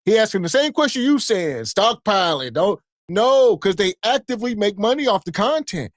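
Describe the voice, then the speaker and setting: Sarcastic, high-voiced male podcast host. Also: big pitch swings, moderate pace, no room sound, studio quality. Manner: scolding, sarcastic. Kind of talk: casual commentary.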